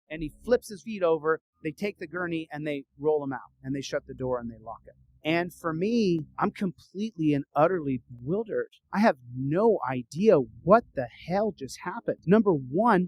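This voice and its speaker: A man telling a story in a casual, animated way, acting out the dialogue. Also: high voice, no echo, low-quality recording. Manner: animated, acts out dialogue with rising urgency.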